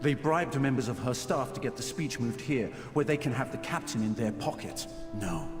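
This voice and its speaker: A man's voice: medium pitch, animated, normal speed, natural voice. An actor playing a frightened, cornered male elf informant in a video game, talking in a desperate, pleading way. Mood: urgent. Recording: roomy game audio with long reverb and music.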